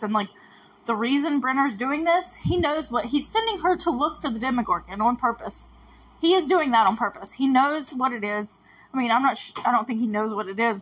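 A woman's voice: on the high side, fairly bright tone, slightly rough. A woman giving a casual, emotional reaction commentary, rambling with sighs and stammered restarts. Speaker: show reviewer.

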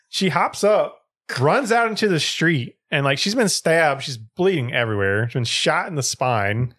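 A man's voice: on the high side, lively intonation, moderate pace, a bit bright. A young man co-hosting a casual podcast, retelling a story with lots of swearing and acted-out quotes.

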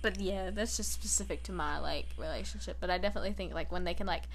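A woman's voice: lowish voice, fast talker, a little hiss or hum. A young adult woman hosting a podcast, chatting casually with lots of swearing and laughing as she acts out quoted lines. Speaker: podcast host. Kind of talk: casual chat.

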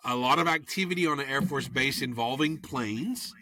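A man co-hosting a podcast, talking loudly and teasing his co-host in casual chat. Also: mid-range voice, normal speed. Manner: loud, animated, teasing.

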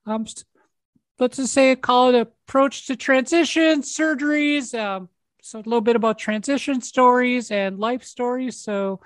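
Friendly higher-voiced woman hosting a podcast. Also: measured pace, no room sound. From Minnesota. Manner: friendly, conversational, some restarts. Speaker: podcast co-host. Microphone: video call.

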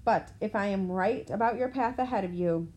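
A woman's voice: medium pitch, natural voice, low-quality recording. A woman reading as a weary old centaur teacher. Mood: grave. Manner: calm, measured, gently firm.

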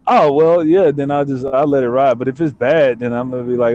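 A man's voice: medium pitch, brisk, lo-fi sound. A man guest on a podcast, speaking bluntly and profanely while laughing at his own answers, joining by phone from his car. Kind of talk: casual chat. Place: car, driving.

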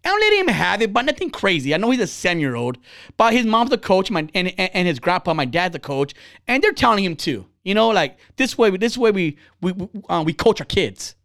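A man in his thirties talks bluntly and swears freely, his fairly high voice swinging up and down as he acts out the people in his stories. The recording is close and dry, with no room sound. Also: fairly quick, no echo. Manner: blunt, profane, animated storytelling; acts out quoted people with big pitch jumps. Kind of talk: casual chat.

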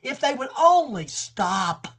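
A man's voice: very high-pitched, big pitch swings, takes it slowly, husky. Impassioned man preaching a Bible study. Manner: impassioned, pleading preacher who swings from soft to shouting.

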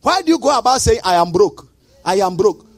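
Male pastor, high voice with wildly swinging pitch, sing-song preaching with shouted bursts; dry close sound. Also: very animated, a little fast, dry recording. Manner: emphatic preaching with sudden shouts; sing-song, rhythmic delivery. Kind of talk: sermon.

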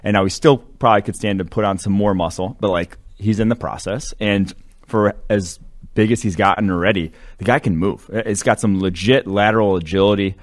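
A man's voice: fairly low pitch, fairly even intonation, fairly quick. A man co-hosting a sports podcast, breaking down draft prospects in loose, rambling talk with lots of fillers. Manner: rambling, filler-heavy analysis. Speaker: co-host. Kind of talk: casual sports podcast chat.

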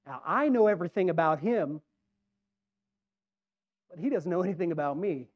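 A man's voice: high-pitched, animated, normal speed, muffled recording. A man preaching a conversational sermon, rambling and putting questions to the congregation.

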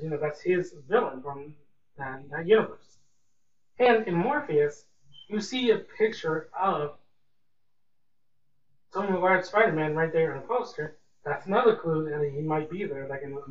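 A young man hosting a casual solo podcast, rambling and repeating words like "really" and "man". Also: fairly high pitch. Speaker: podcast host. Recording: echoey room, distant mic, dull lo-fi sound, faint hiss.

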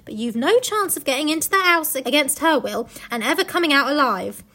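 A woman reading aloud as a motherly, kindly female beaver from a storybook, warning gently. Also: high-pitched, animated, brisk. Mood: gentle.

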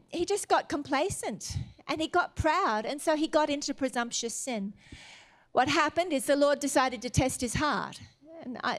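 A woman preaching a sermon, retelling scripture with earnest, exhorting emphasis. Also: high voice.

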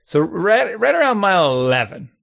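Gravelly man telling a lively anecdote. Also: high voice, moderate pace. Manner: animated, acts out his own thoughts, chuckles often. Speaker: storyteller guest.

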